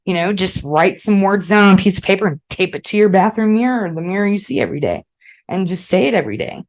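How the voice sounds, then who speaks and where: A woman's voice: mid-range voice, animated, fast. A woman hosting a podcast, talking casually and bluntly to listeners, swearing freely and often checking in with "okay?". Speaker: podcast host. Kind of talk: casual motivational monologue.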